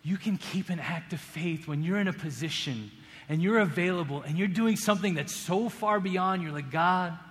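A man preaching a sermon as pastor, earnest, rising to emphatic peaks and dropping to hushed appeals. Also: sits high, moderate pace. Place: church sanctuary. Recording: long hall reverb, faint room ambience.

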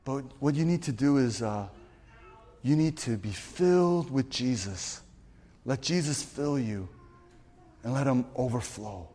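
A man doing a gentle old reverend. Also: mid-range voice, animated, unhurried, voice pushed down. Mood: calm, gentle. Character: slow, gentle old male reverend, eighties.

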